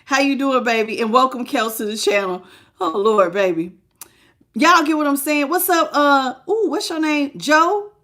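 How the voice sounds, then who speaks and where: A woman's voice: high-pitched, normal speed, fairly bright tone. A woman giving a live tarot reading, talking casually and emphatically to her viewers, repeating phrases and laughing often. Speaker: tarot reader.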